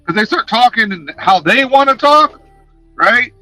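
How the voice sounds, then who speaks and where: A man chatting casually on a live stream, talking in an animated, passionate way and swearing freely, speaking into a headset. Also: very high-pitched, a little slow, dry recording, soft background music, rough recording. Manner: animated, passionate, profane talk.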